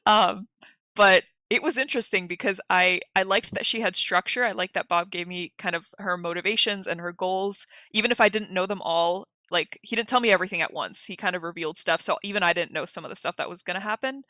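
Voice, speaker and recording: A woman's voice: fairly low pitch, sharp tone, no echo. A young woman in her twenties, a guest player, telling stories in a chatty, laughing way. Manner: chatty, laughing, quick storytelling. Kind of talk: casual chat. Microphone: video call.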